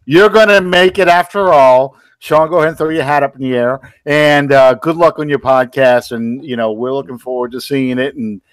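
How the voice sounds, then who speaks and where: A man's voice: medium pitch, little pitch movement, brisk, hardly any pauses, clean tone, no room sound, rough recording. A man hosting a casual sports podcast, wrapping up the show in an easygoing way. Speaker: podcast host.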